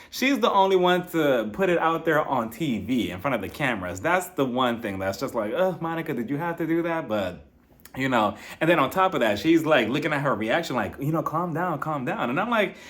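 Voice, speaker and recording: A man giving a casual, animated recap of a reality TV episode, acting out quotes and laughing often. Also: a little high.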